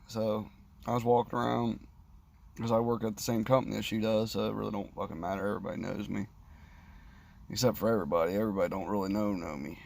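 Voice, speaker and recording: A man's voice: fairly low pitch, fairly even intonation, quick pace, vocal fry, darkish tone. A man casually telling a crude, rambling story, swearing often. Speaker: vlogger. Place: sitting, indoors or in a parked car.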